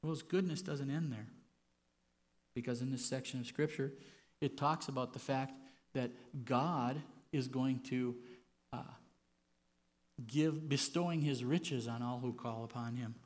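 Guy preaching in church, medium pitch, gets loud and fired up then goes soft and personal. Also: measured pace, pauses often. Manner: swings from quiet and intimate to loud, impassioned preaching. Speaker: pastor. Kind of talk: sermon.

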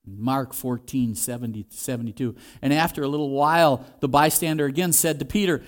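A man's voice: mid-range voice, fairly even intonation, brisk, few pauses. A man preaching a sermon in a conversational way, acting out the quoted voices as he goes. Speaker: pastor.

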